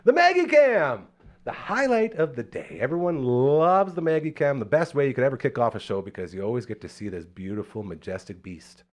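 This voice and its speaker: Male host, Canadian, hype and animated, pitch swinging widely, mid-range voice. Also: fairly quick, hardly any pauses. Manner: energetic, hype, promotional. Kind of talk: live local talk show hosting.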